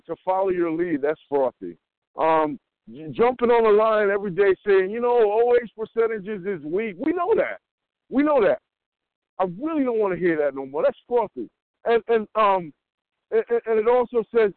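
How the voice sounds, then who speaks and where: A man sharing at a recovery meeting in a halting way, with many ums and restarts. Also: high voice, no echo. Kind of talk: casual recovery share. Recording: dry phone-line call audio.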